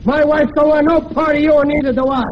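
A man's voice: extremely high pitch, level tone, fast. An actor playing a blustering husband and father who talks tough and ungrammatical, in 1940s radio comedy style. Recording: muffled old radio broadcast with faint hiss.

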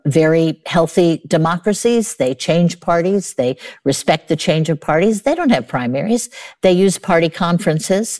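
A woman's voice: deep voice, darkish tone. A woman arguing her side in a formal debate, emphatic and assertive.

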